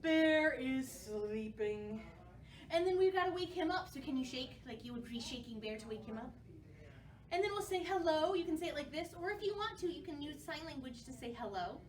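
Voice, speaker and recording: A woman, a children's librarian, leading a storytime for young children with bright, encouraging talk. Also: high-pitched, lively intonation, quick pace, reverberant, distant mic.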